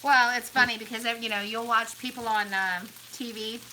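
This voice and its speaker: Woman, cooking vlog host, bubbly and chatty, slightly high voice, pan sizzling loud in the kitchen behind. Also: fairly even intonation, moderate pace, a little hiss or hum, rough recording. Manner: chatty, bubbly, talks to viewers while cooking. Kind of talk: casual cooking demonstration. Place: home kitchen. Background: frying and sizzling food.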